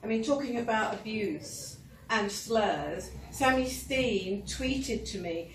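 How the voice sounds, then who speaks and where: A woman's voice: mid-range voice, takes it slowly. A woman giving an earnest speech at a political meeting, building her points with wry asides. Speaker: public speaker. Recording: echoey hall, mic from far off, faint noise.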